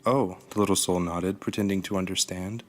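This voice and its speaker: Low-voiced man reading a storybook. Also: steady tone, moderate pace. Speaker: narrator. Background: faint guitar music.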